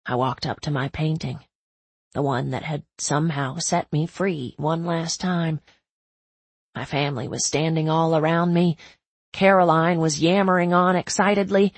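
A woman's voice: sits low, steady tone, moderate pace, no echo. A woman giving intimate, emotional first-person audiobook narration.

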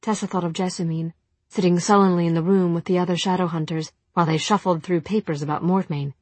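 A woman giving a measured audiobook narration of a novel. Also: fairly low pitch, fairly even intonation, a little mellow, no room sound. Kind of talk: scripted narration.

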